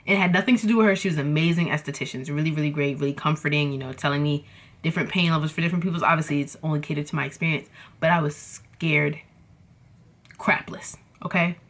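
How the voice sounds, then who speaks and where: A young woman tells a storytime to her viewers in a casual chat. She is animated and dramatic, leans on slang and calls her audience y'all. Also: deep voice, rapid-fire. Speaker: vlogger.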